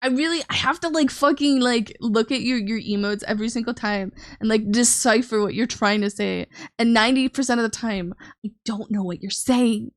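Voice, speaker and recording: A woman's voice: fairly high pitch, normal speed, no echo, clean studio sound. A young woman, chatting casually and teasingly with her viewers on a live stream while she draws, swearing freely. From Canada.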